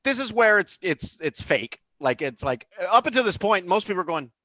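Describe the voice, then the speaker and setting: A man's voice: high voice, big pitch swings, normal speed, few pauses, pushed and bright, no room sound. A man co-hosting a casual movie chat, teasing his co-host and retelling the film's scenes. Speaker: podcast co-host.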